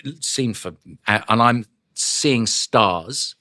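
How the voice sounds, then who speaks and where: A man, a voice actor, telling lively stories from his career in a casual studio chat, acting out voices as he goes. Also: fairly low pitch, normal speed. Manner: animated, acts out voices and shouts in his stories. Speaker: voice actor guest. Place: podcast studio.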